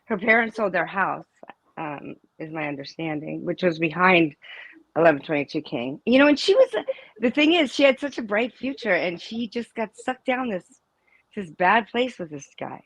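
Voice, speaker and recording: A middle-aged woman talking casually as an interview guest, her lowish voice rambling and emphatic. She trails off and restarts often. The sound is dry, with no room echo. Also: very animated, moderate pace. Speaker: interview guest, mother of a student. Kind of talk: casual live interview chat.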